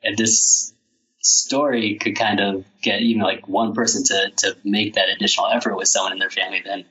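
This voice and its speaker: A man speaking as a podcast guest about his book, halting and reflective with many restarts. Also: lowish voice, little pitch movement, pushed and bright, poor audio. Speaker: author guest. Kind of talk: podcast interview.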